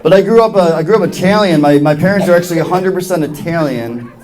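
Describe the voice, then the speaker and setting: A young New Yorker performs stand-up on a club stage, animatedly acting out other people's voices through his jokes. He talks fast at a fairly high pitch, and the live recording is noisy with crowd sounds and audience laughter.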